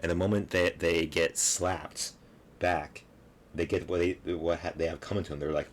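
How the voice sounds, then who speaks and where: A man's voice: low-pitched, fairly even intonation, normal speed. A man giving casual reaction commentary on a video clip, laughing and mocking, rambling with lots of fillers.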